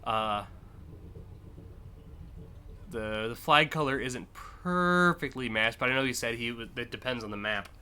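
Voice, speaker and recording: A man's voice: mid-range voice, a little slow, pauses often, bright, forceful tone, clear, resonant tone. A man streaming live, casually and enthusiastically judging car designs, with frequent fillers and swearing.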